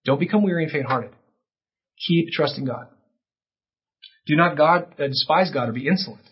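Male pastor, husky voice, impassioned sermon delivery, slightly dull lo-fi recording. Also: on the high side, normal speed. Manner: impassioned, rising to near-shouting peaks. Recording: dull lo-fi sound.

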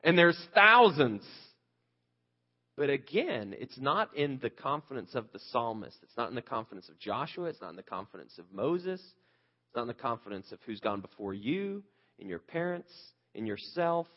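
A man's voice: mid-range voice, big pitch swings, moderate pace, muffled recording. A male pastor preaching a conversational sermon, earnest and candid, asking the listeners rhetorical questions.

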